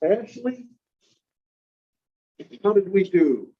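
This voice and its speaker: Male teacher, slightly high voice, patient classroom explainer, dull lo-fi recording. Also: animated, unhurried. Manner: patient, calls on students by name. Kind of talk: classroom grammar lesson.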